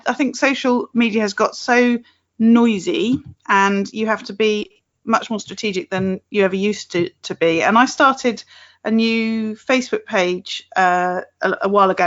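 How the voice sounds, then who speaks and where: A woman hosting a podcast interview, talking quickly and chattily with frequent laughs. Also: medium pitch, fairly bright tone, dull audio. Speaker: podcast host.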